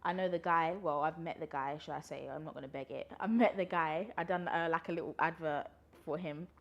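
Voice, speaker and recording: A London woman in her 20s, a vlogger, chats casually through a pregnancy Q&A, slightly breathless and often laughing. Her voice is deep and steady, and she talks fairly quickly. The recording has a lo-fi quality.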